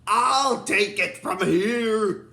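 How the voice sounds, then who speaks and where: A man voicing a boastful, domineering male villain emperor who gloats slowly and bossily. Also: sits high, vocal fry, pushed and bright, roomy sound, exaggerated voice. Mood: gloating.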